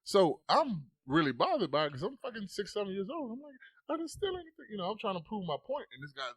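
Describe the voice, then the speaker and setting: Fast, animated man telling a story. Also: sits high, slightly rough, no room sound. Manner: animated, swears often, acts out voices. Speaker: podcast guest. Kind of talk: casual storytelling.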